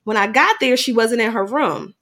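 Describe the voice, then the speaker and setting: A middle-aged woman telling a personal story in conversation, animated at times and quiet at heavy moments. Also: on the high side. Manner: animated, acts out dialogue in quick bursts. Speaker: guest sharing a personal story.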